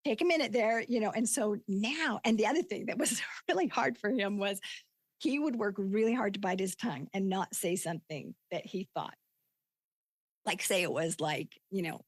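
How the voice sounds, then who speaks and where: An older woman, a life coach, telling stories in a relaxed interview, acting out quotes with lots of laughter. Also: mid-range voice, moderate pace, no room sound. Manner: animated storytelling, acts out quotes, laughs often. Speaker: podcast guest, life coach. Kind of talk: conversational interview.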